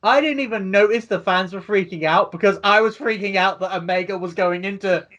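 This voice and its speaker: A man co-hosting a wrestling review podcast, animated and reading out his own excited comments in casual chat. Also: high-pitched, brisk, muffled recording. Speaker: podcast co-host.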